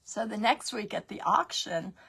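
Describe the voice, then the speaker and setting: A woman's voice: mid-range voice, expressive, normal speed, gravelly, a bit bright, husky. A middle-aged woman telling casual stories while she paints, chatty and laughing at her own pranks. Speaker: crafting tutorial host.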